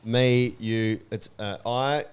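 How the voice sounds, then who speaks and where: A man's voice: mid-range voice, fairly even intonation, takes it slowly, smooth. An Australian man co-hosting a podcast, teasing and arguing in casual chat. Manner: teasing, argumentative. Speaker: podcast co-host.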